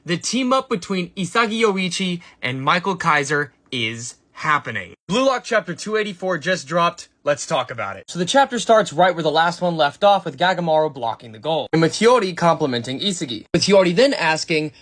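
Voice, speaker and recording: Guy doing a hype manga chapter recap, slangy, kinda high bright voice. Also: fairly quick, hardly any pauses. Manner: excitable, slangy commentary. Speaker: manga reviewer. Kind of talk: casual chapter recap, reading lines aloud.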